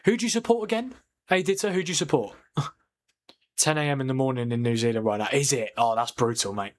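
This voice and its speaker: Man, live stream host, casual chat, reacts loudly to penalties. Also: medium pitch, brisk. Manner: chatty, reads and answers viewer comments; excitable reacting to match incidents. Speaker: watchalong streamer. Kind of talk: live football watchalong chat.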